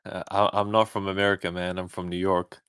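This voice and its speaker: A man from New Zealand with a New Zealand accent, calling in to debate and talking haltingly with many fillers. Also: sits low, flat delivery, a bit bright, smooth, no room sound, clean studio sound. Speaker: caller. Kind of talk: phone-in debate.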